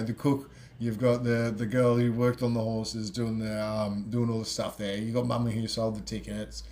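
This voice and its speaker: A middle-aged man hosts a podcast and tells a long, rambling story. He talks casually, with plenty of ums and you-knows. His voice sits at an ordinary middle pitch. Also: darkish tone. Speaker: podcast host.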